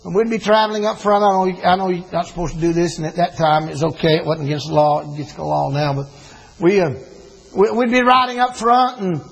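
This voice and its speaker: A man's voice: sits high, brisk, vocal fry, breathy edge, poor audio. An older man, preaching a sermon with folksy storytelling and emphatic rises.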